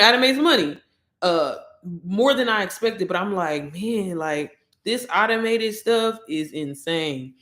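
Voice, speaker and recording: Chatty excitable woman, echoey room. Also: lowish voice. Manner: excitable, chatty, addresses viewers directly. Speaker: online course promoter. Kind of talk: casual livestream chat.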